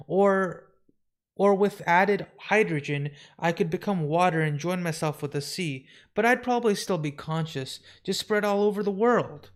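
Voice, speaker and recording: A man reading a comic book aloud live, voicing a sad, lonely shapeshifting woman who stammers and hesitates as she talks of wanting to die. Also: sits high. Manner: halting, stammering, despairing.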